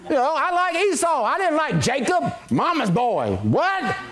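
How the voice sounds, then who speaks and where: A man's voice: very high-pitched, very animated, a little slow, crowd noise. A middle-aged male pastor, preaching a folksy, joking sermon with scripture reading and prayer. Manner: folksy, joking, calls out amen to the congregation.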